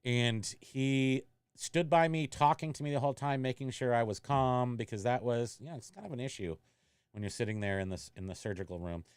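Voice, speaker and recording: Guy chatting on his reseller stream, smooth clear voice, dry close sound, rambles and jokes at himself. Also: medium pitch, fairly quick, no echo. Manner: rambling, self-mocking storyteller. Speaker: eBay reseller hosting a livestream. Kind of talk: casual livestream chat.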